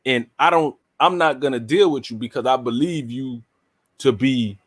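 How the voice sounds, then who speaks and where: A man talking through a casual debate, his voice sitting at an ordinary middle pitch. He is blunt and emphatic and swears freely as he argues. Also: normal speed, fairly bright tone, husky.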